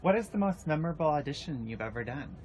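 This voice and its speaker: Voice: medium pitch, expressive, fast, a little mellow. Host reading out fan questions, faint noise.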